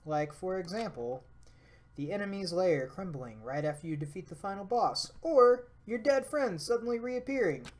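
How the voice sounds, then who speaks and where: A man's voice: a little high, slight background noise. A man hosting a game playthrough, recapping in a dry, offhand way. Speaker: let's play host. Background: game music.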